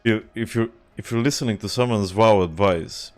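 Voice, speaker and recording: A man's voice: lowish voice, normal speed, faint music behind. A young man from Serbia, chatting casually and profanely while streaming a game, often laughing. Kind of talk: casual livestream chat while gaming.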